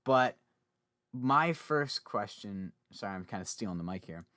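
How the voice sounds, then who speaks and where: A young man hosting a casual podcast chat, talkative and quick to laugh, often interrupting himself. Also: lowish voice, animated, pushed and bright, no echo, studio quality. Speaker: podcast host.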